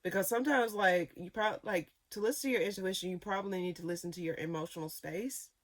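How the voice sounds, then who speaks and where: Speaking quickly in a fairly low voice, a tarot reader offers a casual reading. Her sentences ramble loosely, full of fillers, restarts, and repetition.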